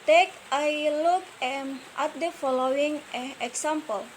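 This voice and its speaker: A woman's voice: sits high, a little slow, a little hiss or hum, rough recording. A young woman whose first language is Indonesian, presenting a student lesson on word stress, hesitant, with many fillers and careful repeated words. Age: young adult.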